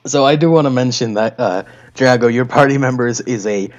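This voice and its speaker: A man running a tabletop game as game master over a voice call, playful and quick with jokes and asides. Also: mid-range voice, highs cut off, faint music behind.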